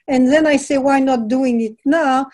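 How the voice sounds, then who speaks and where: An older woman with a strong French accent, an author talking about her book and reading passages aloud, often pausing and searching for words. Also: high-pitched, steady tone, a little mellow. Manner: halting, searching for words with many fillers. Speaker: author and painter.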